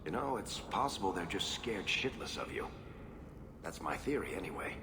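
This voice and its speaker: A man's voice: low voice, lively intonation, moderate pace. An actor playing a dry-humored male guardsman in a game. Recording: game audio with background noise.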